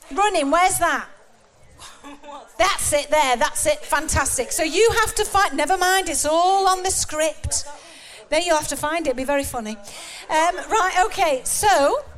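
A woman's voice: very high voice, a bit bright. A woman hosting a live stage show, chatty, bubbly and bossy as she organises volunteers. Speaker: show host. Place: live venue in front of an audience.

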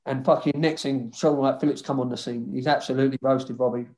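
A man's voice: mid-range voice, quick pace. A man, a former footballer, telling stories in a loose, swearing, banter-filled chat as a guest. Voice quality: swears freely, lively banter. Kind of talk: casual storytelling chat.

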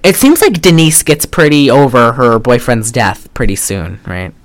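Podcast co-host, casual chat, rambling, sarcastic, restarts a lot, middle pitch. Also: expressive, moderate pace. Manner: rambling, heavy use of "like", wry and sarcastic; trails off and restarts often. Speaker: podcast co-host recapping a film.

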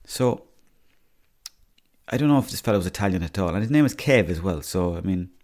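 Irish lad rambling on his podcast, lowish voice, swears a lot. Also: animated, brisk, darkish tone. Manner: swears freely, storytelling. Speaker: podcast host. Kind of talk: rambling comic monologue.

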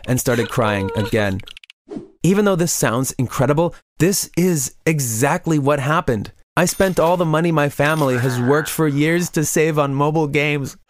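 A man telling a scripted confession story in an even, regretful storytelling voice. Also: on the high side, normal speed, slight background noise.

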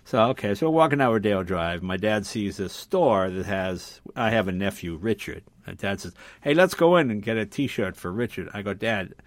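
Lively older man telling stories. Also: lowish voice, moderate pace, hardly any pauses, no echo. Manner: animated, loud when acting out quotes. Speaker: interview guest. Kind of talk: casual anecdotal storytelling.

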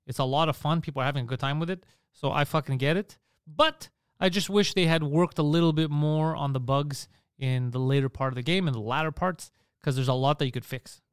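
This man's voice sits on the high side and moves fairly quickly, smooth and dry in a clean studio recording. He co-hosts a podcast, comes from a Greek family, and swears a lot while animatedly spinning stories in relaxed conversation.

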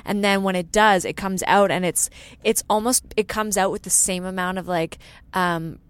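A woman co-hosting a podcast, thinking aloud in casual chat, halting and restarting as she searches for words. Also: medium pitch, fairly even intonation, clear, resonant tone, no room sound. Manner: reflective, halting, lots of restarts and fillers. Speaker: podcast co-host.

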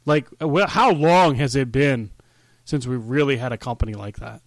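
A man's voice: mid-range voice, moderate pace, no echo. A man co-hosting a casual wrestling chat, joking and enthusiastic as he tells stories. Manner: enthusiastic, joking, animated storyteller. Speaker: podcast co-host.

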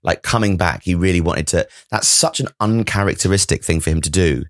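A man co-hosting a podcast, chatting casually with lively swearing and jokes. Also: fairly quick, no room sound, clean studio sound. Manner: animated, swears, jumps into high mock voices. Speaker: podcast co-host. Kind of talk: casual comedic chat.

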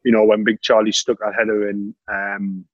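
A man's voice: fairly low pitch, little pitch movement, moderate pace, no room sound, highs cut off. A man telling stories in a casual chat, laughing often and saying "mate" constantly. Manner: laughs a lot while telling anecdotes, says "mate" constantly.

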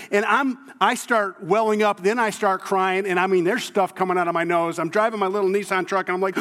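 A man's voice: high-pitched, fairly bright tone. A male pastor preaching a conversational sermon in a church sanctuary, telling stories informally with self-deprecating humor. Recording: long hall reverb.

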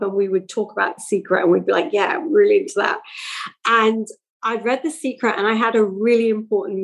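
A woman, telling stories as a podcast guest in a lively, chatty way. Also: medium pitch, rough recording. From England. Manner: animated, chatty storytelling. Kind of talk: podcast interview.

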